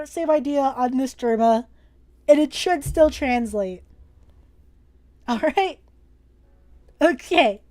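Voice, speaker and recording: With a slightly high voice, a young woman runs a casual live-streamed drawing lesson, taking it slowly and pausing often. She's playful and excitable, joking with viewers and swearing in passing.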